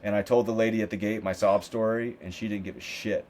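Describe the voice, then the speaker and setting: Low-voiced man telling road stories. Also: steady tone, fast, a little mellow. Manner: loose and profane, acts out other people's lines. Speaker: podcast guest. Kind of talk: casual storytelling interview.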